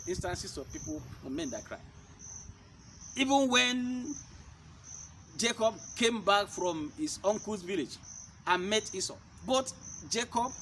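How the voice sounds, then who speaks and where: A man's voice: high-pitched, pushed and bright, a little hiss or hum. A man preaching a sermon-style teaching. He fires rhetorical questions at his listeners and hammers his points by repeating them. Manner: emphatic, repeats key points.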